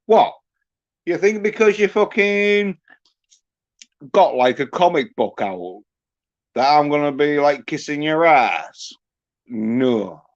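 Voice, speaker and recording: A man with a fairly high voice hosts a livestream, ranting and swearing constantly in a profane tirade. There's no room sound, and the stream audio is dull and lo-fi.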